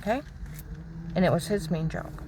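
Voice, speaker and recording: A woman's voice: on the low side, sing-song, normal speed, mellow, slight background noise. A middle-aged woman vlogging, telling a personal story in a casual monologue and indignantly retelling back-and-forth dialogue.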